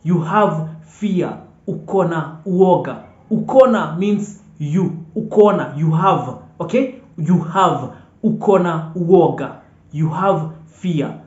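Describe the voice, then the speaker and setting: A language teacher calmly repeating each vocabulary word several times and checking in with "okay?" as they go. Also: medium pitch, slow pace. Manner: patient, drills words aloud and checks in with "okay?". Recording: echoey room, dull lo-fi sound.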